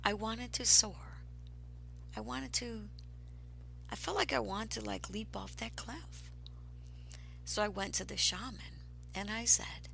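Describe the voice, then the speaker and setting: Slow, gravelly woman telling a spiritual story. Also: a little high, slight background noise, low-quality recording. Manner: slow, breathy, drifts into whispers; grows excited and emphatic.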